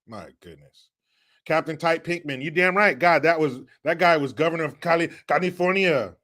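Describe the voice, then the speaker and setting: Joking, lively man hosting a livestream. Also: mid-range voice, moderate pace. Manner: loose, joking, profane. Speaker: livestream host. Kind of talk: casual livestream chat reading viewer comments.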